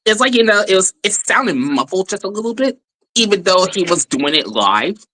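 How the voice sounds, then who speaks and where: An American man with a bright, tense tone and a very lively, swooping pitch jokes around in a casual podcast chat. He is playful and giggly and leans on filler phrases. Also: moderate pace. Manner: playful, giggly, fills with "you know".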